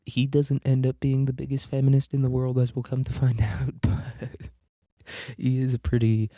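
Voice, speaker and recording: A man's voice: medium pitch, completely flat delivery, moderate pace, warm tone, no room sound. A young man hosting a casual history podcast, loose and profane, joking with lots of fillers and asides. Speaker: podcast host.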